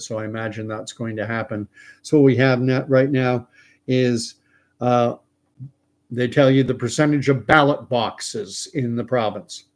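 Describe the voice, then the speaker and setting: Chatty man hosting a live stream. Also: mid-range voice. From Canada. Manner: chatty, reads viewer comments aloud, thinks out loud. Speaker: livestream host. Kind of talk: casual live-stream commentary.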